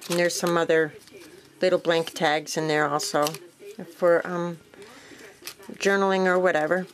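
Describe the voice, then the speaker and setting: A woman casually walking viewers through a craft project, relaxed and rambling, with frequent fillers and self-corrections. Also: lowish voice, measured pace, poor audio. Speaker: crafting vlogger. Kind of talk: casual show-and-tell walkthrough.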